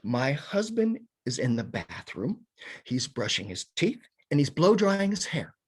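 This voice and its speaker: A man voicing a stubborn, suspicious middle-aged woman in a comic story, answering flatly and skeptically. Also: medium pitch, a little slow, husky, full character voice.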